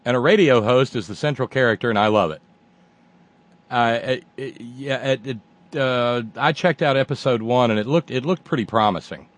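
A man hosts a casual radio talk show in a wry, digressive voice. He rambles through listener emails at an everyday pitch. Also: normal speed.

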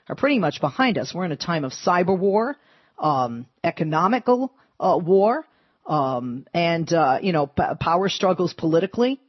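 A Boston woman hosts a call-in radio show, chatty and lively. Her voice is a bit husky and sits in a dry, close, slightly dull studio sound. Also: fairly low pitch, no echo. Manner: chatty, lively, quick asides. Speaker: radio talk show host.

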